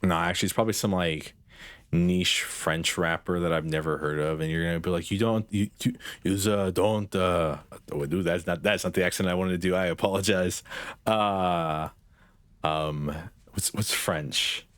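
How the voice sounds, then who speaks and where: Deep-voiced sarcastic male streamer. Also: steady tone, fairly quick, fairly bright tone, no room sound. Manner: rambling, sarcastic, swears casually. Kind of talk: casual gameplay chat with chat.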